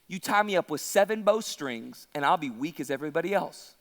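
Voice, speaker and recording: A man's voice: on the high side, animated, brisk, vocal fry, fairly bright tone, voice pushed down. A cocky, bragging strongman, as a preacher puts him on, pushed well below his own voice with a brash, slangy swagger. The lines ring out in a large hall with a long reverb. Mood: careless. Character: cocky bragging strongman Samson, adult man.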